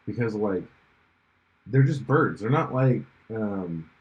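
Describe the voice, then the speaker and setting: A man's voice: fairly low pitch, lively intonation, slow, darkish tone, muffled recording. A man co-hosting a podcast in casual chat, rambling with lots of fillers and restarts and laughing often. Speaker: podcast co-host.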